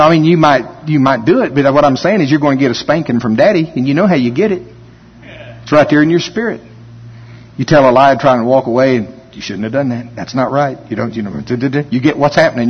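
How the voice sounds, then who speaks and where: A man preaching a sermon in an animated way, now and then mimicking whiny complaints in a high voice. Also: husky. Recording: dull recording with long hall reverb.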